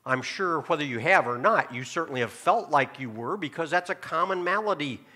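A man preaching a sermon as pastor, asking the congregation questions and dropping to a hushed tone to make a point. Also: fairly high pitch, expressive, fairly quick. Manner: preaching with rhetorical questions and sudden drops to a hushed tone. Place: church sanctuary.

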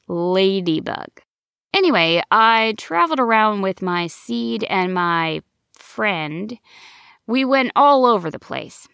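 A rambling, raspy young gnome boy, as a woman storyteller puts him on, chatty and a little nervous, talking in a slow, gravelly voice. Gentle music plays under this children's storybook. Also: mid-range voice, no room sound. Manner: rambling, self-interrupting. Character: nervous chatty male gnome, about nine. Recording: soft background music.

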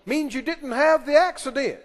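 High-voiced man preaching in a reverberant hall. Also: moderate pace. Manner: emphatic preaching, prods the congregation with questions. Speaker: pastor. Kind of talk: sermon. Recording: long reverb of a large hall.

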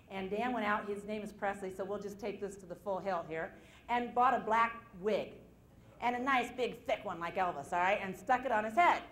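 A woman's voice: medium pitch, roomy sound. A woman giving a live seminar talk on stage to an audience, telling personal stories with self-deprecating humor and acting out the voices in them. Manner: animated storytelling, acting out quoted voices. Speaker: motivational seminar speaker.

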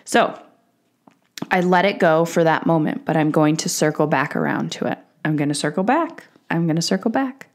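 A woman's voice: deep voice, moderate pace. A woman in her thirties hosting a solo podcast, talking candidly and casually swearing, acting out the voices she quotes. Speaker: podcast host.

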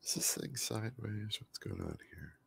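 A man's voice: fairly low pitch, animated, moderate pace, gravelly, slightly rough. A man with a scratchy voice chatting casually as he paints on a live stream, often muttering to himself and trailing off mid-sentence. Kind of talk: rambling live-stream chat while painting.

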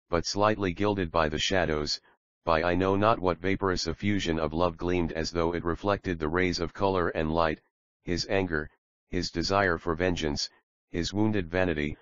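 A man narrating a classic novel in a measured, even reading. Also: low-pitched, no room sound, highs cut off. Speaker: audiobook narrator. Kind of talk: scripted narration.

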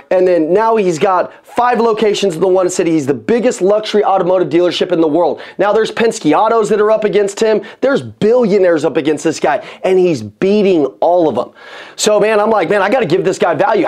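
A man giving an energetic motivational talk on sales to an audience, repeating phrases for emphasis. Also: high-pitched. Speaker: sales coach. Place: room with an audience.

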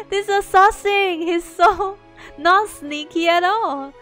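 High-voiced, excitable woman gaming. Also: takes it slowly, faint music behind. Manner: excitable, laughs and gasps often. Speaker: gameplay video creator. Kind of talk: chatty gameplay commentary.

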